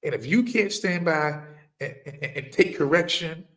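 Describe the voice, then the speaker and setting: A middle-aged man speaks in an impassioned, sermon-like monologue. His voice sits fairly high for a man, and he talks slowly, leaning hard on each phrase. He repeats his key lines and keeps throwing questions at the listener. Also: fairly bright tone. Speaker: firearms trainer.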